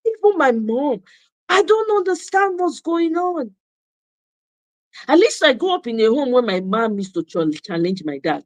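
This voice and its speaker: High-voiced Nigerian woman ranting. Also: sing-song, unhurried, dry recording. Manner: emphatic, mixing Pidgin asides and repetition. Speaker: commentator. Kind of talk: passionate monologue.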